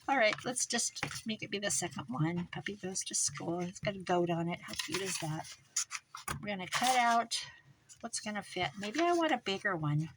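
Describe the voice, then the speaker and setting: A woman making a craft journal, chatting casually as she works and muttering to herself with quick self-corrections. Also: medium pitch, lively intonation, background noise. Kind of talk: casual crafting vlog, talking while working.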